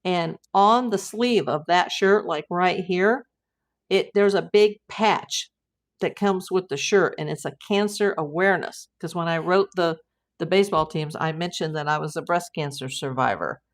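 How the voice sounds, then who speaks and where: A woman's voice: lowish voice, normal speed. A middle-aged American woman hosting a casual livestream, rambling through viewer comments with lots of fillers and restarts. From United States. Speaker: private investigator livestream host.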